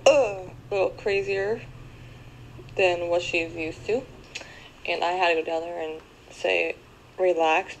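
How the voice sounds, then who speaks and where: A woman's voice: on the low side, vocal fry, a little hiss or hum, low-quality recording. A young mother vlogging casually about her day, hiccuping, rambling and apologizing often. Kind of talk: casual daily vlog.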